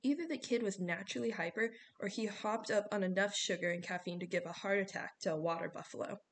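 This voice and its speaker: A woman reading a novel aloud in steady scripted narration. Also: medium pitch, fast, slight background noise. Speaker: audiobook reader.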